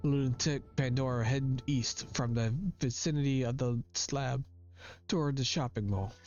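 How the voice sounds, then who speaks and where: A man's voice: mid-range voice, normal speed, darkish tone, natural voice. A man reading the lines of a fussy, eccentric male doctor from a game aloud in a fairly plain voice. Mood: explaining. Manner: reads game dialogue aloud. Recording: dull lo-fi recording with faint game music.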